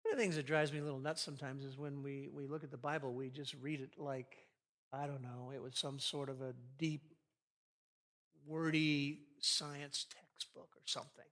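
Male Bible teacher, bright forceful tone, lively joking sermon delivery, big echoing hall. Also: medium pitch, normal speed. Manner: lively, joking, reads scripture aloud. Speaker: Bible teacher leading a marriage class. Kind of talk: live sermon-style teaching to an audience. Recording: long reverb of a large hall.

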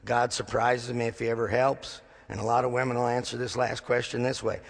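A man's voice: mid-range voice, little pitch movement, normal speed, vocal fry, big-room sound. A man preaching a sermon as a pastor, telling stories with dry humor and acting out the dialogue.

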